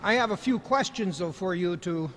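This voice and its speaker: A man giving a commencement speech, telling stories in a folksy, gently humorous way. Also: sits high, moderate pace. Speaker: commencement speaker. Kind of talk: ceremonial speech with storytelling. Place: commencement ceremony hall. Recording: large hall reverb.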